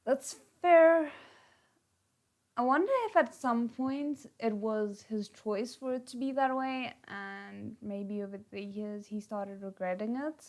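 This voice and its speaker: A woman streaming a live read-aloud of comics, breaking off to react in an animated, exclaiming way. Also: medium pitch, unhurried, hardly any pauses.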